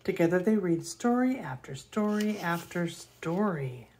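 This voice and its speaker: Slow, gentle woman reading a storybook. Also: on the low side, a little hiss or hum. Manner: gentle, expressive read-aloud with gasps and soft laughs. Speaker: storybook reader. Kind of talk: reading a children's picture book aloud.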